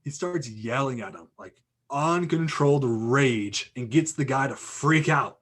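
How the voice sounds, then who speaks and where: A man's voice: medium pitch, a little slow. A young man talks on a podcast in a loose, chatty way. He tells a story with a lot of energy, filling it with "like" and restarting his sentences as he goes. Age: young adult. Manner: animated anecdote with lots of "like" and restarts. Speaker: podcast guest. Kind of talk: casual storytelling.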